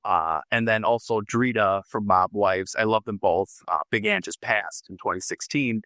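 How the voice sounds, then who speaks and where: Male guest, smoker, low and forceful, loose rambling chat, dry close mic. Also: normal speed, no echo. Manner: rambling, relaxed storytelling with fillers. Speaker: podcast guest, oddities artist. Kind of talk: casual interview chat.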